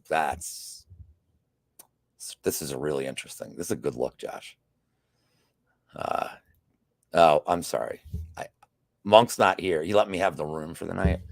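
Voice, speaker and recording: A man's voice: rumbling low, creaky, no room sound, studio quality. A man hosting a betting podcast, chatting casually through fight picks with rambling restarts and profane asides. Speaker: sports betting podcast host.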